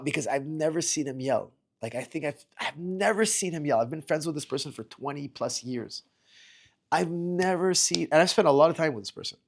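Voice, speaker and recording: A middle-aged male martial arts coach with a gravelly, slightly fried voice, talking loosely during a livestream Q&A. He reads viewers' questions aloud, then answers in a rambling way, repeating and restarting his words as he goes. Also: on the high side, a little fast. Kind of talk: casual livestream Q&A.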